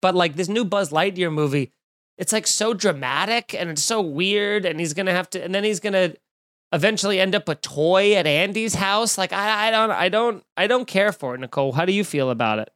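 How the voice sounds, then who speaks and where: A man's voice: high voice, fairly quick, a bit bright, no echo. Profane ranting young man, dry close sound. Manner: profane, exasperated, rambling with many fillers. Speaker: podcast host. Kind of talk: comedic rant.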